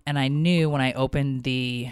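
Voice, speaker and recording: A woman's voice: very deep voice, normal speed, smooth, dry recording, studio quality. A woman in her thirties, co-hosting a podcast, tells a story casually and with feeling, swearing freely as she goes. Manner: emotional, swearing, animated retelling. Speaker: podcast co-host.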